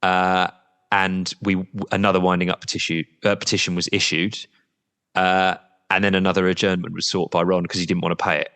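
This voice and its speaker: A man's voice: low voice, little pitch movement, a little fast, a bit bright, clear, resonant tone, big-room sound. A man representing a football supporters' trust as a podcast guest, talking candidly and at length, with the odd blunt swear word.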